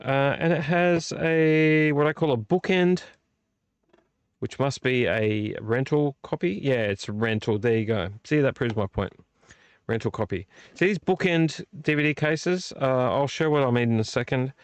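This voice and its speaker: Smooth and medium in pitch, this man talks at a moderate pace on a dry recording. Hosting a live vlog, he rambles enthusiastically, swears without restraint and addresses his viewers directly in casual stream chatter.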